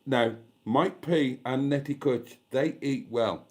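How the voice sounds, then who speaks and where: Chatty British stream host, camp and joking. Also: male voice, mid-range voice, takes it slowly, a little mellow. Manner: chatty, self-mocking, camp. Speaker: YouTube live stream host. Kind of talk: casual chat reading out viewer comments. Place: indoors at home.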